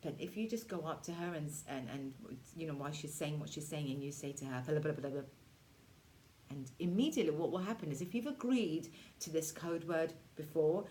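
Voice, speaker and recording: A woman's voice: low voice, warm tone, a little hiss or hum. Chatty reassuring woman in her forties. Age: 40s. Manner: chatty, reassuring, acts out moods in quick voices. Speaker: self-care workshop leader. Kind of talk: casual teaching talk to teens.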